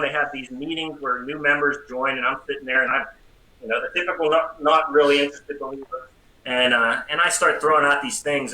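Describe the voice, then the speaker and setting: A middle-aged American man, a priest and psychology professor, tells his story as an interview guest with lively, self-deprecating humor. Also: mid-range voice. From United States. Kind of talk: personal testimony in a casual interview. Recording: roomy echo with faint background noise.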